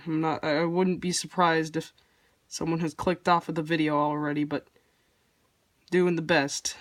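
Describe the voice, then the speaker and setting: A person walks through a drawing lesson in a slow, unhurried way, with a mid-range voice. The talk rambles and turns self-deprecating. The sound is dry and close, with no room around it. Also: medium pitch, no room sound. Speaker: art tutorial host. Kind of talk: casual drawing tutorial narration.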